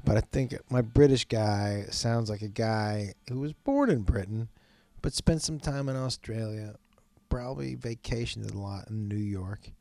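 A man's voice: fairly low pitch, creaky, a little mellow, no room sound. A man hosting his podcast, rambling in a casual, profane, self-mocking way and often breaking into laughter. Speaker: podcast host.

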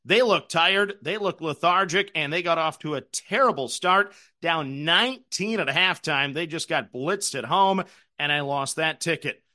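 A middle-aged man with a high, bright voice talks through his betting card in a casual, chatty way. He pokes fun at his own losing streak and keeps the tone conversational. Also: a little slow. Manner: chatty, self-deprecating storyteller. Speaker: sports betting show host. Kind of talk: casual betting recap and picks.

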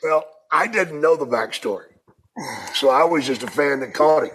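A middle-aged podcast co-host speaking casually, with blunt, emphatic reactions. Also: male voice, fairly high pitch, normal speed, fairly bright tone, husky. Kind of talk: casual chat.

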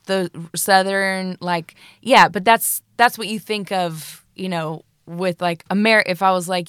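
Chatty American woman, smooth voice. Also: medium pitch, fairly even intonation, measured pace, few pauses, a bit bright, no echo, studio quality. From United States. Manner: bubbly, chatty, lots of fillers and laughs. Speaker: guest, Broadway actress. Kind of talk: casual interview chat.

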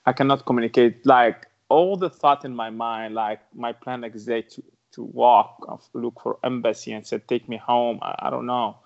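A man's voice: medium pitch, steady tone, moderate pace, vocal fry. A man with an Arabic accent and broken English telling his own story as a podcast guest, earnest and repeating phrases for emphasis. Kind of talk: interview storytelling. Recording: dull lo-fi sound.

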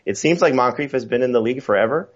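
A man's voice: medium pitch, lively intonation, racing, highs cut off. A man talking fantasy football as a podcast guest, chatty and full of fillers and restarts. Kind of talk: casual podcast chat.

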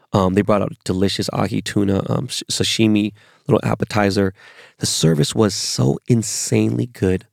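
A man with a low, heavily gravelly voice tells a rambling, profanity-laced story in a casual monologue. The sound is close and dry. He comes from Los Angeles and talks like a podcast host chatting with his listeners. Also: a little mellow, no echo.

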